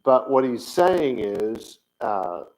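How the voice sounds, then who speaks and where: A man giving an informal teaching talk on camera, thinking aloud with many pauses and fillers as he searches his notes. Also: medium pitch, very animated, darkish tone, poor audio. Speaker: Bible language teacher.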